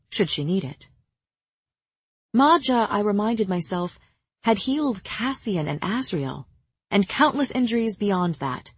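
A woman narrating a first-person novel at a slow, unhurried pace, with a breathy, somewhat low voice. Her pitch moves expressively, and the sound is close and dry with no room at all. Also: no room sound. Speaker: audiobook narrator.

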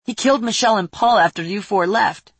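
A frantic, weeping young woman from a fantasy storybook, as a woman narrator puts her on. Her voice sits high and strained, cracking through sobs, with a breathy edge, and it is recorded close and dry. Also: brisk, no room sound. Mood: tearful. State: crying, voice cracking. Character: distressed young woman, grieving and pleading.

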